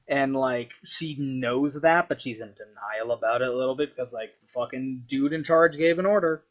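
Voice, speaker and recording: This young man, a vlogger, spins a story in a relaxed, sweary ramble packed with "like." He speaks at a moderate pace with a medium pitch, and the lo-fi recording is dull.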